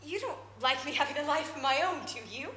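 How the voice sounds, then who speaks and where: An actress playing a manic, defiant woman arguing with her husband, excitable with brittle laughter. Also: sits high, fast. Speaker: drama student in a showcase scene. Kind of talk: dramatic two-hander scene. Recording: echoey room with hiss.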